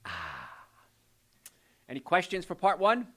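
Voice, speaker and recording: A man hosting a call-in health show as a doctor, talking in an energetic, folksy, salesy way. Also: high voice, slow, a little hiss or hum. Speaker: radio show host and doctor. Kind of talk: call-in health radio talk.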